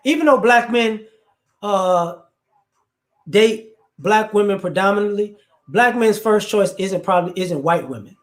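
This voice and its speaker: A man from the United States who hosts a casual opinion talk with his live chat, animated and joking, with rambling asides. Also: sits high, measured pace. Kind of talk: casual commentary.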